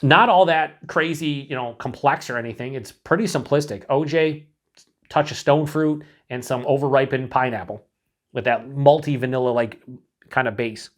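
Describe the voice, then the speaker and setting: Man, mid-pitched voice, casual beer review, rambling, self-mocking. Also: moderate pace.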